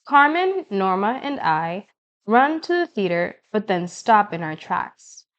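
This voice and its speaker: A woman narrating an audiobook in the first person, with measured, expressive storytelling. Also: mid-range voice, muffled recording.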